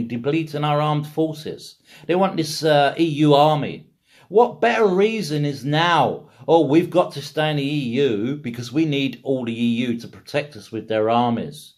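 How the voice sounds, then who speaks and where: A man's voice: fairly high pitch, moderate pace. A man from England ranting in a casual monologue, full of rhetorical questions and repeated phrases. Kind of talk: casual political rant.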